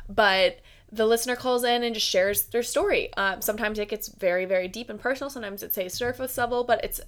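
With a medium-pitched, slightly bright voice, a young woman from the United States chats casually on her own podcast. Giggles and frequent "like" fillers run through her talk.

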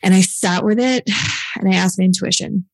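A young adult woman and filmmaker telling a story in casual chat, full of "like" fillers and quick laughs. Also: mid-range voice, vocal fry, a little mellow, dry recording, poor audio. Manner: chatty, many "like" fillers, laughs often. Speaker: filmmaker and producer.

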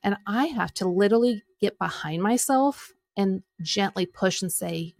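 A middle-aged woman coaching and telling a personal story in an animated way, acting out quoted lines. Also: mid-range voice, normal speed, creaky, hardly any pauses. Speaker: Enneagram coach and podcast host.

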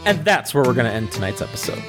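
A man's voice: medium pitch, sing-song, quick pace, music in the background. A man narrating a tabletop adventure as game master and podcast host, in a casual, rambling way with many fillers.

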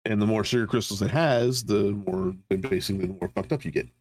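A man's voice: fairly low pitch, brisk, darkish tone, husky, no echo, clean studio sound. A middle-aged military veteran co-hosting a podcast, telling stories in casual, profane chat and often laughing at his own punchlines.

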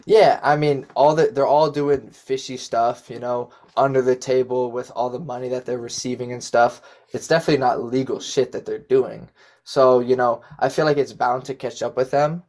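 A man's voice: medium pitch, steady tone, moderate pace, a little mellow. Rambling young man co-hosting a podcast. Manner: rambling, lots of fillers. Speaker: podcast co-host. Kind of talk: casual chat.

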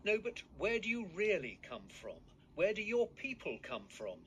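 A man's voice: sits high, big pitch swings, normal speed, a bit bright, slight background noise. A man reading the lines of an older upper-class woman who keeps pressing the same question, in a news report. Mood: insistent. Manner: politely insistent, repeated questioning.

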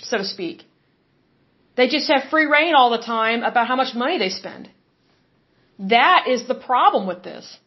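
High-voiced woman giving emphatic commentary. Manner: emphatic, repetitive, conversational. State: has hiccups. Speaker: podcast host. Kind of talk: opinionated solo commentary. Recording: slightly dull lo-fi recording.

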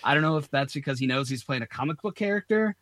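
Podcast guy, relaxed and easygoing, dry close mic. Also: fairly high pitch, quick pace, no room sound. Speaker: podcast co-host. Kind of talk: casual chat.

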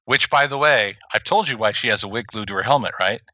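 A man co-hosting a casual chat, excitable and self-aware, telling stories with animated energy. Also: lowish voice, quick pace, no echo, dull audio. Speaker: podcast co-host.

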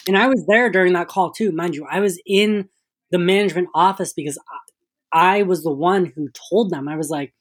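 A woman's voice: on the low side, a little fast. A young woman co-hosting a podcast, chatting casually and making blunt, emphatic remarks. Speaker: podcast co-host. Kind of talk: casual chat.

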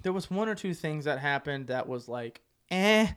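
Male podcast co-host, lively storyteller who swears and shouts out the quoted lines. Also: on the high side, normal speed, smooth. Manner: animated, swearing, acts out quotes loudly. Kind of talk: casual storytelling.

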